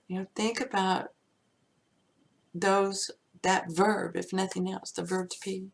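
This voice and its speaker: A woman giving an unscripted spiritual teaching, musing and drifting into soft whispers and chuckles. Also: mid-range voice, level tone, takes it slowly, creaky, husky.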